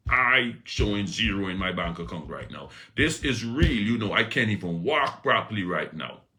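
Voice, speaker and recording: A man's voice: on the low side, very animated, moderate pace, voice pushed up. A man voicing a worried listener who insists their troubles are real. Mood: protesting. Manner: loud, insistent.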